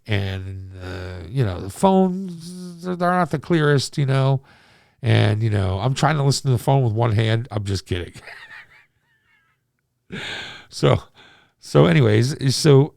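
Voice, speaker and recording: A man's voice: medium pitch, creaky, a little mellow, dry recording, clean studio sound. A man in his forties telling a rambling, profane dating story as a casual monologue. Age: 40s. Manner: rambling, profane, self-deprecating.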